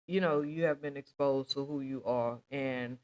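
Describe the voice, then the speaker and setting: A man talking casually to his audience, rambling along and checking in with them often. His voice is smooth and resonant, easygoing and unhurried in manner. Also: medium pitch. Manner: relaxed, rambling, chatty with many fillers. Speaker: vlog host. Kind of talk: casual chat.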